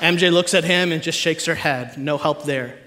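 A man in his thirties preaching a sermon in a church, telling animated, humorous family stories to the congregation. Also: on the high side, moderate pace, noisy background. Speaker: pastor. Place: church stage before a live audience.

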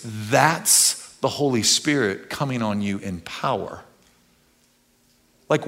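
A man preaching a sermon with passion. He swings from loud bursts to quiet, low stretches and repeats phrases for emphasis. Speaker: pastor.

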